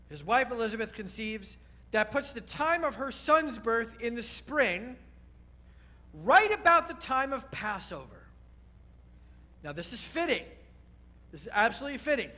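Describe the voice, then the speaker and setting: High, bright-voiced rabbi teaching. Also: male voice. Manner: teacherly, often checks in with listeners. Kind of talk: sermon teaching.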